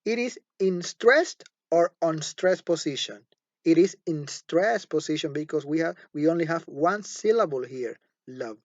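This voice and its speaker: A male teacher walks through a recorded phonology lesson at a very unhurried pace, saying each example word two or three times over. His voice sits a little higher than most men's. The recording is dull and lo-fi, with a dry, close sound and no room echo. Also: animated. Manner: slow and deliberate, repeating example words several times.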